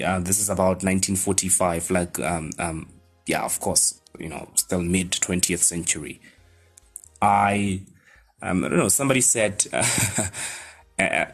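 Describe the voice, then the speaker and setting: A man's voice: fairly low pitch, a bit bright. A South African man giving a loose, rambling science lesson, often checking in with his listeners and filling gaps with ums and "right?". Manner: rambling, talks to listeners with many fillers and "right?". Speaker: teacher. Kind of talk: informal lecture.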